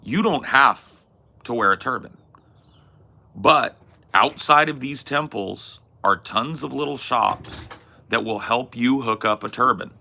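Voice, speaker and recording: A man's voice: medium pitch, measured pace, vocal fry, pushed and bright. A man hosting a talk podcast, arguing his opinions emphatically with casual swearing. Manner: emphatic, swears, acts out quoted voices. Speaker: podcast host.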